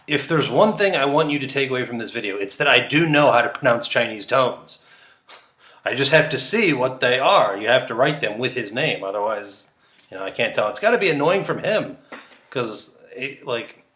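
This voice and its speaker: A man's voice: medium pitch, sharp tone, reverberant. A young man doing casual solo chess commentary, rambling and joking with frequent laughs, tired late at night.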